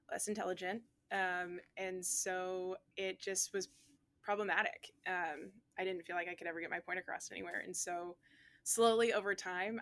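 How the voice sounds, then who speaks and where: A chatty woman from Nova Scotia tells her story in a relaxed interview, filling her speech with "um" and "like." Her voice sits on the lower side. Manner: chatty, many fillers like "um" and "like". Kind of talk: casual recorded interview.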